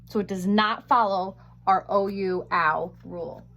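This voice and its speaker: A woman teaching a phonics lesson, sounding out words slowly and carefully on a webcam microphone. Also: mid-range voice, steady tone, creaky, a bit bright.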